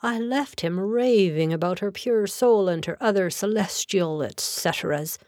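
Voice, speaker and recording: A woman's voice: medium pitch, unhurried, darkish tone, no room sound, studio quality, close to an everyday voice. A woman voicing a brusque young male lawyer who speaks rudely and sardonically, in an audiobook. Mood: blunt. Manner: blunt, sardonic.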